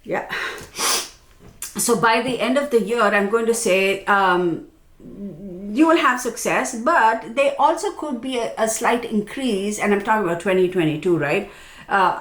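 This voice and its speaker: Woman, astrologer, casual forecast monologue, chatty, self-mocking, mid-pitched, roomy echo. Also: normal speed. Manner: chatty and self-mocking, keeps checking in with "okay?". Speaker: astrologer giving a yearly forecast. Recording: echoey room.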